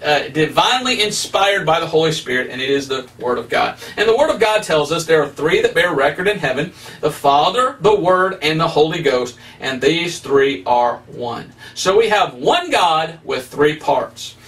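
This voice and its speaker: A man's voice: fairly high pitch, expressive, normal speed, fairly bright tone. Emphatic preaching man, slightly distant mic. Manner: emphatic, preacherly, with rising stresses. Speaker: evangelist. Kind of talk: preaching Bible study.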